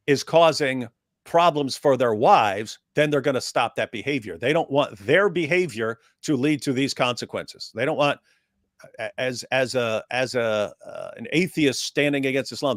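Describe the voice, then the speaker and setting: A man's voice: mid-range voice, no room sound, studio quality. A man on a call-in livestream panel, making an emphatic argument and often repeating phrases as he builds his point. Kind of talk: livestream discussion, recounting and arguing.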